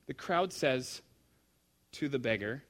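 Male preacher, sermon delivery, animated storyteller moving between hushed and loud. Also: medium pitch, takes it slowly.

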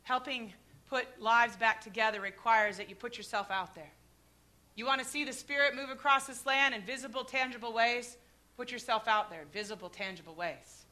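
High, bright-voiced woman preaching. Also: normal speed. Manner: animated storytelling, acting out scenes with shouts and hushed asides. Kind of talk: sermon with personal stories.

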